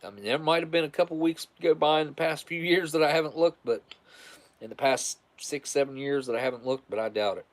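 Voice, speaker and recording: A man hosting a casual livestream, chatting in a rambling, relaxed way and repeating words as he thanks his viewers. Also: fairly high pitch, a little fast. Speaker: livestream host. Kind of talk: casual livestream sign-off chat.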